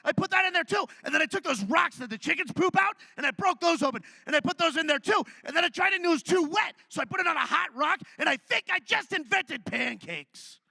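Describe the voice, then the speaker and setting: Comic playing a high, yelling, wild-eyed early man, boastful and manic, bright edge. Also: expressive, fast talker, gravelly, hardly any pauses, no echo, full character voice. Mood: frantic, boastful. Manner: shouting, breathless bragging. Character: frantic prehistoric man inventing pancakes.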